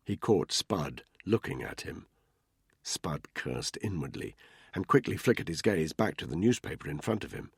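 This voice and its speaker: Deep, husky male audiobook narrator. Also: sing-song, moderate pace, no room sound, clean studio sound. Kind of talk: scripted narration.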